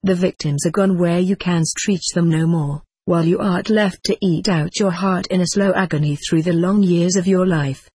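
Reader putting on a bitter proud queen, husky voice, slow old-fashioned brooding talk. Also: medium pitch, fairly even intonation, a little mellow, no echo, lightly acted. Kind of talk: audiobook character reading.

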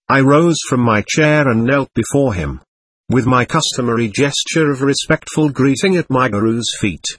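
A man narrates a memoir in a measured, formal way, his voice slightly husky and recorded close and dry with no room sound. His pitch sits in an ordinary middle range for a man. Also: no echo. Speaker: audiobook narrator. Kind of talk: scripted first-person narration.

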